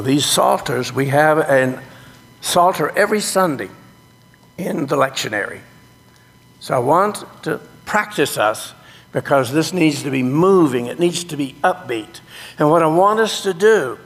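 Man, pastor, slow unhurried sermon, gravelly voice, long sanctuary reverb. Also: fairly high pitch. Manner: animated, folksy exclamations. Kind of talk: sermon teaching liturgy. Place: church sanctuary.

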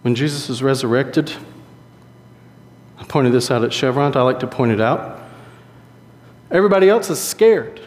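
A man preaching a sermon in a conversational, animated storytelling way. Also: mid-range voice, normal speed, pauses often. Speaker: pastor. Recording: long hall reverb.

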